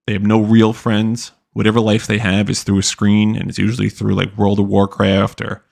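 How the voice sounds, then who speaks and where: A man's voice: fairly low pitch, completely flat delivery, normal speed, vocal fry, darkish tone. A young man hosting a podcast, ranting casually with profanity and lots of filler words. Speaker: podcast host. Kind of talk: casual commentary rant.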